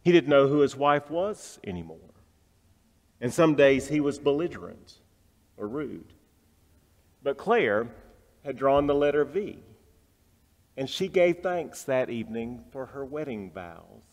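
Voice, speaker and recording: A male pastor delivering a reflective, story-driven sermon, dropping soft for tender passages. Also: mid-range voice, very animated, measured pace, pauses often, long reverb tail.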